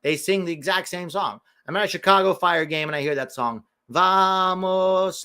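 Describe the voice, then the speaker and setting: Casual American male host, a touch high-pitched, sarcastic and chatty, live watch-along commentary. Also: fairly bright tone. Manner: chatty, sarcastic, riffs between live match reactions.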